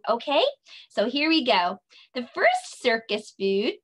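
A woman leading a children's circle time lesson, speaking in a slow, sing-song, encouraging way and stretching her words out. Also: high-pitched, very animated, a bit bright. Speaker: preschool teacher.

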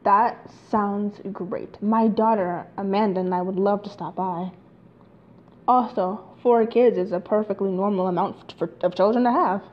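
A woman's voice: medium pitch, steady tone, unhurried, lightly acted. Polite, slightly awkward single dad, read by a woman in a game playthrough; lo-fi recording. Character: awkward new-in-town single dad, male.

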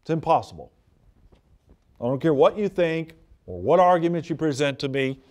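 A man's voice: fairly high pitch, very animated, normal speed, a little mellow. A male pastor delivering a sermon in a fervent, conversational way, repeating key points for emphasis.

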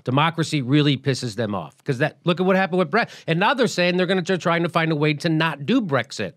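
A middle-aged male host delivers political commentary with blunt, profane emphasis. His voice sits a little higher than most men's and is very animated. It sounds dry and close, with no room echo. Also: fast. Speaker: show host.

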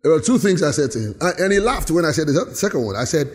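Animated pastor in a hall. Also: male voice, fairly high pitch, fast. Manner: animated, acts out voices and laughs often. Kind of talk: sermon. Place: church hall.

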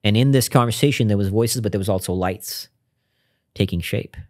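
A man's voice: lowish voice, fairly quick, darkish tone. A man speaking as a podcast guest, telling a personal story in an earnest, reflective way with frequent restarts.

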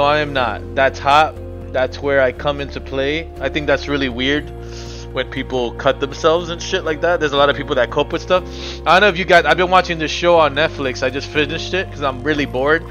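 A man's voice: fairly high pitch, fairly even intonation, brisk, fairly bright tone, highs cut off, soft background music. A man live-streaming a game, commenting casually, frustrated and swearing as he mutters to himself.

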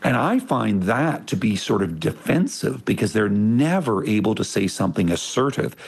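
Deep gravelly man explaining eagerly. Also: sing-song, normal speed. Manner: enthusiastic explaining with frequent restarts. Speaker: author and interview guest. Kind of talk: conversational interview.

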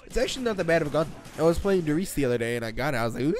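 A teenage guy rambling through a video game commentary in his bedroom, jokey and excitable. His voice sits a bit high for a man and swings all over the place, from mumbles up to sudden yelps. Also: rapid-fire, faint music behind. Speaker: gaming channel host. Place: own bedroom.

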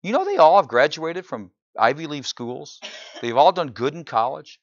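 A pastor preaching a sermon in church, often asking the congregation "right?" and building to loud, incredulous exclamations. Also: male voice, a little high, moderate pace, no echo, lo-fi sound. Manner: animated preaching, frequent "right?" asides to the congregation.

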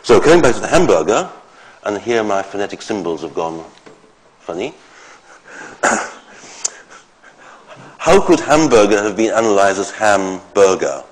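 A man giving an academic lecture, explaining step by step in short phrases with pauses. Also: fairly low pitch, very animated, slight background noise, poor audio.

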